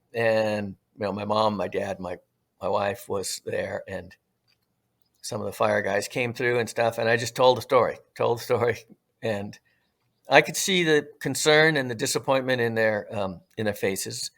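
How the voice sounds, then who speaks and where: A middle-aged man from Southern California, a retired firefighter and podcast guest, telling his story in an earnest, reflective way, drawing out some phrases slowly. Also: lowish voice, fairly bright tone. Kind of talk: casual storytelling.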